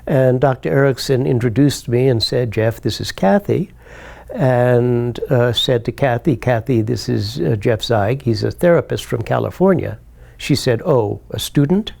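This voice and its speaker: A therapist, a man, recalls a case from his training in a reflective, measured storytelling manner with small restarts. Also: mid-range voice, gravelly, a little mellow. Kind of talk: spoken anecdote.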